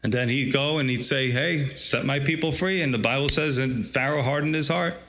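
A man's voice: medium pitch, fairly quick, a bit bright. A man preaching a sermon, reading scripture aloud and drawing out its lesson with rising emphasis. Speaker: pastor.

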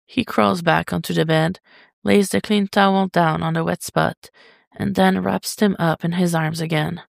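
A reader narrating a fan story as an audiobook, in an intimate, even delivery. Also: mid-range voice, normal speed, vocal fry, no echo, studio quality. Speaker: podfic reader.

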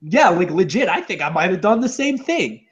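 A man co-hosting a casual movie review chat, sarcastic and animated, swearing freely. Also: sits high, moderate pace. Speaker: podcast co-host. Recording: dull lo-fi audio.

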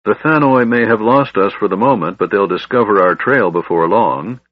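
Harsh proud knight, read by a man: low, husky, scoffing; dry recording. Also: normal speed, no room sound, lo-fi sound, lightly acted. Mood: stern.

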